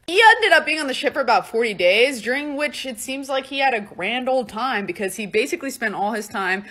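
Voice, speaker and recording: A woman's voice: a little high, brisk, few pauses. A woman telling history stories in a casual, comedic way, chatty and full of filler words. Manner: chatty, constant filler words, animated voices. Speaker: history content creator.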